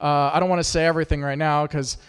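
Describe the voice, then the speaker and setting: A man's voice: fairly high pitch, little pitch movement, fast talker, smooth, big-room sound. A man doing a stand-up set at an open mic, crude and self-deprecating as he teases the audience. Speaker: stand-up comic. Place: small performance studio with a live audience.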